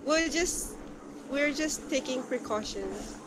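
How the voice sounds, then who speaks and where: A woman's voice: high-pitched, lively intonation, slow pace, noisy background. A woman playing a tabletop game, speaking hesitantly in character. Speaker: player. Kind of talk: casual tabletop game chat.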